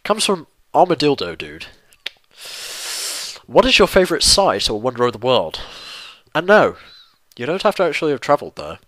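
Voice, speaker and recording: A man's voice: a little high, wildly swooping pitch, moderate pace, sharp tone, no room sound. A young English man rambling through a casual viewer Q&A, self-deprecating and swearing mildly. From England. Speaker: YouTuber answering viewer questions. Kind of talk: casual Q&A monologue.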